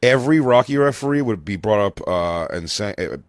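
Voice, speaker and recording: A man's voice: on the low side, fairly quick, no echo, studio quality. A man co-hosting a casual comedy podcast, joking and acting out lines from films. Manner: animated, joking, acts out quotes. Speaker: podcast co-host.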